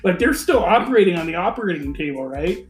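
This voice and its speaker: High-voiced male co-host, loose rambling delivery, roomy sound. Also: big pitch swings, quick pace, faint music behind. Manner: rambling, laughs often, acts out voices. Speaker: podcast co-host. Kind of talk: casual chat.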